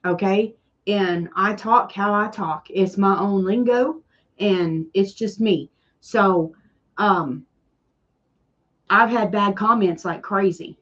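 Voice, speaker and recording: A woman's voice: medium pitch, slow, fairly bright tone, muffled recording. A woman with a Southern US country accent chatting casually with viewers on a live stream, sarcastic and self-deprecating. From Tennessee. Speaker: DIY channel host doing a live stream.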